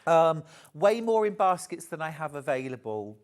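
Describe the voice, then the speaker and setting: A man's voice: on the high side, big pitch swings, moderate pace. A man hosting a live TV shopping sale, chatty and gushing, reading out viewers' messages and calling them darling. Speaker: shopping channel host. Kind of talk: live TV shopping sales pitch.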